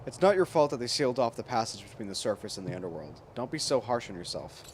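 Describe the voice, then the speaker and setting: A man reading the lines of a gentle, reassuring older mother in a quiet, calm voice, over game music. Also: medium pitch, fast, a little hiss or hum, close to an everyday voice. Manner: reads her lines quietly and calmly.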